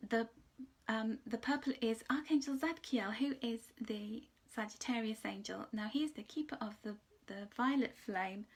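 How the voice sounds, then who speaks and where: A woman with a fairly high voice giving a casual spiritual card reading. She talks in a chatty, rambling way and now and then drops into a soft whisper. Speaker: angel card reader.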